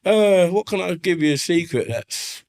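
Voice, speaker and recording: A man's voice: high voice, animated, moderate pace, a little mellow. A man, telling stories in a casual interview, swearing freely and often asking "you know what I mean". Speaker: interview guest. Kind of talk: casual storytelling. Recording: slightly faulty audio.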